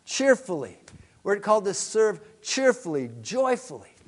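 A man's voice: high-pitched, big pitch swings, a little slow. A male pastor preaching a sermon, emphatic, with rhetorical questions to the congregation.

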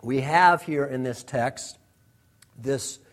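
A man's voice: medium pitch, slow. A man preaching a sermon as pastor, emphatic and repeating phrases for effect.

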